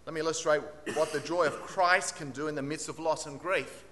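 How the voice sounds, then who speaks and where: A male preacher with a bright, forceful voice tells a story from the pulpit. He reads testimony aloud and lifts his emphasis on the key phrases. His words ring out with a long echo through a big hall. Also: a little high, fairly even intonation, fairly quick, a little hiss or hum. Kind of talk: sermon storytelling. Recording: long reverb in a large hall.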